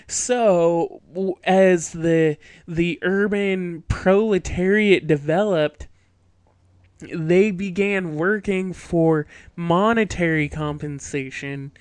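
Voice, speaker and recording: High-voiced man hosting political commentary. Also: smooth, dry recording. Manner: casual and sardonic, with fillers. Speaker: host.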